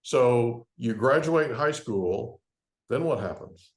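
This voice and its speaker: A man's voice: medium pitch, lively intonation, takes it slowly. A man hosting a casual podcast interview, encouraging his guest with frequent short affirmations and follow-up questions. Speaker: podcast host. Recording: echoey room.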